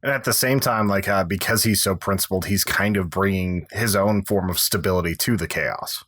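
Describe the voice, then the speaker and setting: A man with a very low voice chats casually about a film, offering measured, thoughtful points. The recording is dry and close to the mic. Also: a bit bright, no room sound. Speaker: podcast co-host. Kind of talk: casual film review chat.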